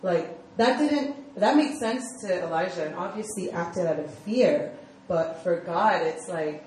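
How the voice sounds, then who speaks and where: A woman's voice: fairly low pitch, animated, measured pace, a little mellow, a little hiss or hum. Chatty young woman preaching in an echoey hall. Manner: chatty storytelling full of fillers. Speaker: speaker at a church youth group. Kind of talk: casual sermon. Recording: echoey room, mic far off, faint ambience.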